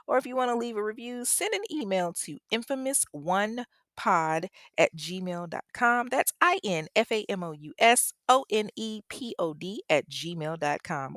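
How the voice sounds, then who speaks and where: A woman's voice: mid-range voice, fairly bright tone, no echo, studio quality. A young woman hosting her podcast, reading listener reviews in a chatty, slangy way with laughing asides. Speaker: podcast host.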